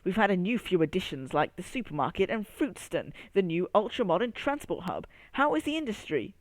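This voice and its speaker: A storyteller voicing a silly, excitable male strawberry in a children's story. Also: medium pitch, fairly quick, no room sound, poor audio. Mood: excited.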